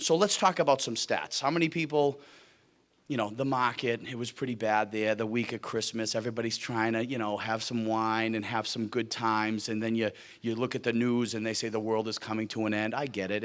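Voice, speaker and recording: A man's voice: medium pitch, a bit bright. A middle-aged man from Cape Cod with a Boston accent, who drops his R's, giving a joking, self-deprecating keynote at a luncheon. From Cape Cod, Massachusetts. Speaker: guest speaker. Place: luncheon hall with audience.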